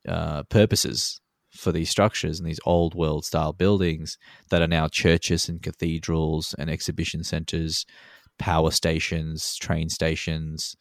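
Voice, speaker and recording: Deep-voiced man in loose podcast chat. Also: no room sound, clean studio sound. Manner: loose, swearing, many ums, chuckles while talking. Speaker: podcast co-host. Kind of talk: casual conversational podcast chat.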